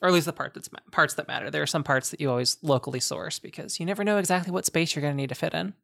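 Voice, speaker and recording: A woman's voice: low-pitched, racing, gravelly, fairly bright tone, no echo, clean studio sound. A woman game master narrating a tabletop game in a rambling way, with lots of restarts and laughs.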